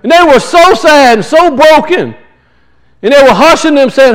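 A male preacher with a notably high-pitched voice. He moves between relaxed, homespun anecdotes and slow, emphatic scripture reading. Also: low-quality recording. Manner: folksy storytelling, rising to emphatic scripture reading. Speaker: pastor. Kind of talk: sermon.

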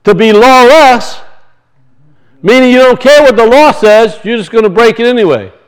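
A man's voice: extremely high pitch, normal speed, smooth, low-quality recording. A man preaching a sermon, teaching from scripture and emphatically asking and answering his own questions.

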